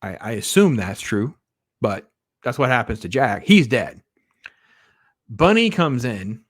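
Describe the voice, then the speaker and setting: A man's voice: mid-range voice, sing-song, measured pace, dry recording. A man giving a casual, blunt spoiler review of a film, rambling and sarcastic as he recounts the plot. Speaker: movie reviewer.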